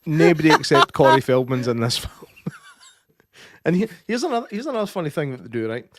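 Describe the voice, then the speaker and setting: A man's voice: fairly high pitch, sing-song, fairly quick, a little hiss or hum. Sweary Scottish man ranting on a podcast. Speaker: podcast co-host. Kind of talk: casual chat, film review. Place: studio.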